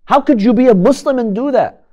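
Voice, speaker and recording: A man's voice: very high voice, fairly quick, warm tone, lo-fi sound. A man giving a religious history lecture, telling the story dramatically and asking rhetorical questions.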